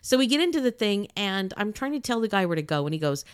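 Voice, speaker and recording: A woman retelling a personal story in a casual, animated and indignant way, acting out the other people's lines. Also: medium pitch, fast, smooth, no room sound, clean studio sound. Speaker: podcaster telling a personal story.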